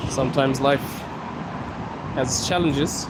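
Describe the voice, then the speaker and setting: Speaking slowly at a medium pitch, a man hosts a casual live stream on his handheld phone while moving through a metro station. He talks directly and chattily to viewers over loud background noise from the metro and street.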